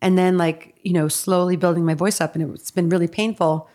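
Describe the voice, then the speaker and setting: A woman's voice: fairly low pitch, fairly even intonation, a little fast, mellow. A woman chatting as a podcast guest, rambling and laughing easily. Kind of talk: casual chat.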